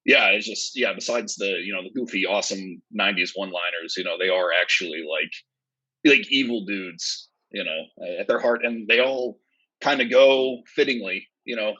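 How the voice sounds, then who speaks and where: A man's voice: lowish voice, moderate pace, sharp tone, slightly rough, no room sound. A man on a podcast, talking hesitantly with many uhs and likes. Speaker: podcast co-host. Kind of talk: casual chat. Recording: dry, dull lo-fi sound.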